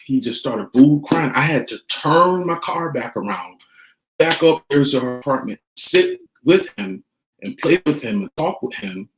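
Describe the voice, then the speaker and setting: Middle-aged man, earnest advice vlogger, mid-pitched voice, echoey room. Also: a little hiss or hum. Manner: earnest, repeats key points, retells scenes with quoted dialogue. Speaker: vlogger giving family advice. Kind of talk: casual monologue to camera. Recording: roomy echo.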